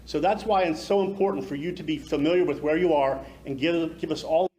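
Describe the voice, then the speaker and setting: Man, emphatic speaker, slightly high voice, echoey hall, far from the mic. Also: a little fast, a little mellow. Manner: talkative, emphatic explainer. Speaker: county emergency services director. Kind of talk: public presentation to an audience. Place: community event hall.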